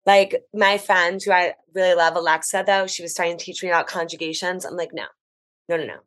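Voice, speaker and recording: An American woman, a travel writer guesting on a podcast, telling stories in a chatty, animated, enthusiastic way. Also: fairly low pitch, brisk. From United States. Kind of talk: casual podcast chat.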